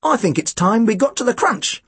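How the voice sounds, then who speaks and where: A man's voice: very high-pitched, very animated, moderate pace, breathy edge, no echo, pitched above the performer's own voice, full character voice. A man voicing a cheerfully tactless, bumbling male detective who cracks puns without noticing the harm. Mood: tactless jokey. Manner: jokey, oblivious, punning.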